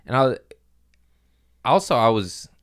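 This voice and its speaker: Animated joking man, lively pitch. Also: takes it slowly. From Mexican-American family. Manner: animated, jokey, swings into loud character voices. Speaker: comedian podcast host. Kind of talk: casual comedic monologue.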